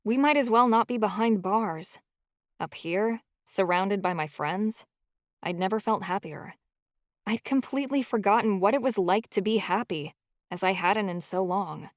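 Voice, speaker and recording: A woman's voice: mid-range voice, dry recording, clean studio sound. A woman reading a first-person novel aloud as an audiobook narrator, in a storytelling delivery.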